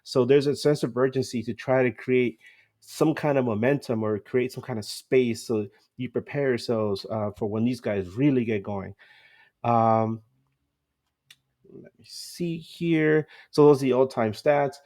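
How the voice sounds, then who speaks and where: A man hosting a casual sports podcast, talking through match stats at a middle pitch. He is chatty and loose, laughing easily and filling pauses with "uh" and "um". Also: a little mellow. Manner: chatty, laughs often, many fillers. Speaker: podcast host.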